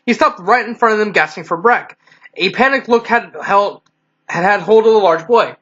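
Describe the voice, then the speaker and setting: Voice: mid-range voice, moderate pace, a bit bright. A fan reader reading a story aloud in a casual way, often stumbling and correcting themselves, over a dull lo-fi recording.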